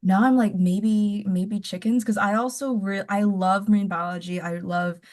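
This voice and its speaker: A woman's voice: mid-range voice, fairly even intonation, normal speed, a little mellow. Rambling, giggly young woman author. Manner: rambling, laughing often. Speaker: author guest. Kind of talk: casual podcast interview.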